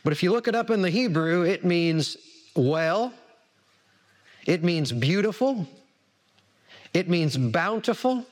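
A man's voice: high-pitched, lively intonation, slow pace, long pauses. A man preaching a sermon, repeating words for emphasis and asking the congregation questions. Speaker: pastor.

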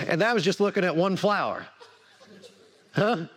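A man's voice: high-pitched, sing-song, moderate pace, pauses often, fairly bright tone. A man preaching a sermon, repeating words for emphasis and asking the congregation questions. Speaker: pastor.

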